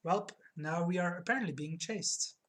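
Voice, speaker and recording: A woman's voice: lowish voice, normal speed. Woman streamer reading game text aloud.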